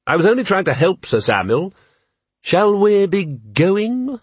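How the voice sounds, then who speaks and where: A man voicing a calm, polite city ruler with a dry, ironic way of talking. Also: high voice, unhurried, slightly rough, no room sound, pitched above the performer's own voice, full character voice. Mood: wry.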